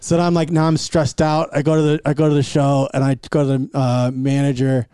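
Comedian telling a profane road story. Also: male voice, medium pitch, level tone, mellow, smooth, no room sound, studio quality. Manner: profane, quick anecdote with quoted dialogue. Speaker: stand-up comedian. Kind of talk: casual storytelling.

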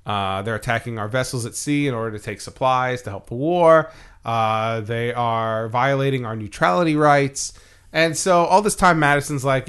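Man, podcast co-host, relaxed comic history storyteller, mid-range voice. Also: mid-range voice, normal speed, smooth. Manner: loose, jokey storytelling with frequent laughs and fillers. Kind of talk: casual comedic history chat.

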